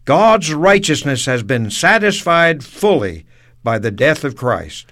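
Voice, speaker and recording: A man co-hosting a radio program who earnestly discusses a sermon in a measured, affirming way. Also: fairly high pitch, very animated, a bit bright.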